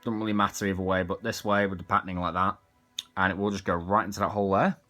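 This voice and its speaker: A man's voice: deep voice, level tone, quick pace, fairly bright tone, faint music behind. A man casually reviewing an action figure, chatting as he demonstrates its parts. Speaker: toy reviewer.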